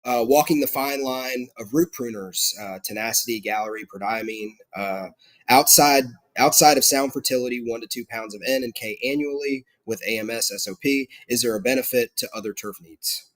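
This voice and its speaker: A man's voice: medium pitch, normal speed, a bit bright, no echo, low-quality recording. A man with a South Georgia accent, a guest on a casual podcast, speaking in a friendly, chatty way with lots of fillers. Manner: friendly, chatty, laughs between phrases, many fillers. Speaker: guest, lawn care consultant.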